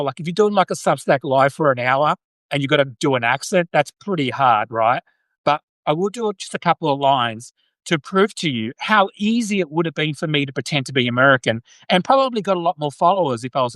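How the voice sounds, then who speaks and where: A man's voice: fairly high pitch, a bit bright, no room sound. An Australian man hosting a casual live stream, chatty and joking, with many restarts. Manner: joking, chatty, many restarts, reads viewer comments aloud. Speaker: podcast host.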